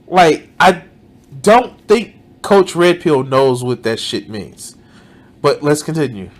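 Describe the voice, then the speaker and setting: Exasperated swearing man, lively pitch. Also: slow. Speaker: streamer reacting to a video. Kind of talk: reaction commentary.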